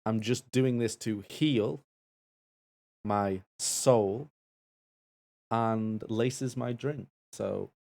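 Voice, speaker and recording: A man co-hosting a charity game stream, making dry puns with hesitant, halting delivery. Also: lowish voice, gravelly, a little mellow. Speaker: co-host and assistant. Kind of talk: casual live-stream banter.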